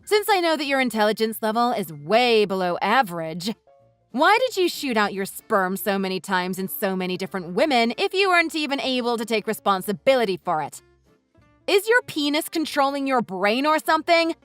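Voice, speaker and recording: A woman voicing a furious wife in a text-message story, who talks in a sharp, sarcastic, cutting way. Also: a little high, sing-song, a little fast, no room sound, faint music behind. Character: furious wife confronting her in-laws.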